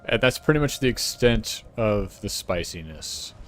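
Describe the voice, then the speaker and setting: Rambling, profane American streamer. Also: male voice, lowish voice, lively intonation, a little slow, a little hiss or hum. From United States. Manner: profane, rambling, laughs often. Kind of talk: casual chat reacting to a clip.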